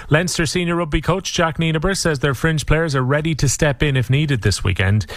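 An Irish man reading the sports bulletin in a steady, clipped delivery. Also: mid-range voice, no room sound. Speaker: sports newsreader.

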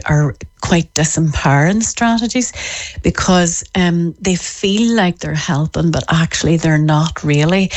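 A woman, a parenting author explaining her ideas in an interview in a lively way. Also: low-pitched. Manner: lively, acts out parents' voices in quotes. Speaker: parenting author and expert guest.

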